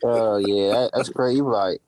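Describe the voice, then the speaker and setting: A man's voice: on the low side, steady tone, normal speed, a little mellow, slight background noise. A man co-hosting a casual podcast, joking by quoting his own worried thoughts. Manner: comic, quotes his own inner thoughts. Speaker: podcast co-host. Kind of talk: casual chat.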